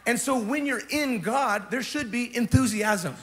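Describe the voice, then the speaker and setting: Middle-aged male pastor with a high voice; emphatic, passionate preacher who stumbles over repeated words and shouts at the peaks. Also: a little slow. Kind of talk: sermon.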